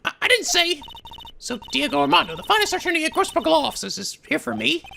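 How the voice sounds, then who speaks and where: A man voicing an earnest young woman defense attorney in a high falsetto with a gravelly creak, a bit hesitant, dubbing a video game. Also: very animated, fast talker, pushed and bright, slight background noise, heavily acted. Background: game music.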